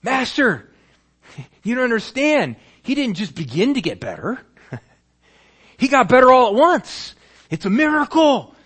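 A man voicing jubilant servants who announce good news loudly and slowly. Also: very high-pitched, huge pitch swings, breathy edge, voice pushed up, heavily acted. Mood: overjoyed. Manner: exuberant, loud and drawn-out. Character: overjoyed male servants bringing good news.

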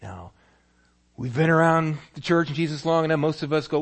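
A man's voice: a little high, a little fast. A male pastor preaching a sermon, telling a story vividly and acting out its scenes. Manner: animated storytelling, acts out scenes.

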